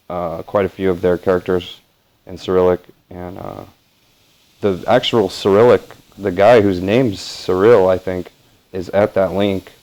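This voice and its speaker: Low monotone guy rambling on his channel, lots of uhs and restarts. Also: poor audio. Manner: meandering, frequent fillers and self-corrections. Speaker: channel host. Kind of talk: rambling casual vlog commentary.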